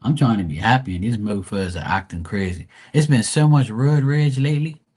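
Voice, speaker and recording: A man's voice: medium pitch, a little fast, a little mellow, slightly rough. A man telling a story in a casual, profane rant, acting out quoted lines with animation. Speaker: livestream host. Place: Bermuda.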